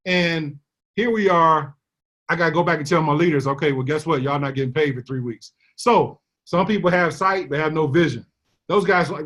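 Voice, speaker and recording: A man tells his team a business story. He slips into the voices of the people he quotes, full of animated energy. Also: a little high, moderate pace. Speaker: network marketing leader.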